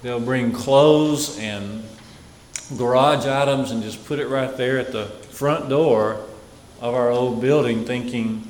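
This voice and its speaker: Slow preacher in an echoey hall. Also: male voice, medium pitch, a little mellow. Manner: slow, deliberate delivery with dramatic pauses and repetition. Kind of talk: sermon. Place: church sanctuary. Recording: echoey hall with faint noise.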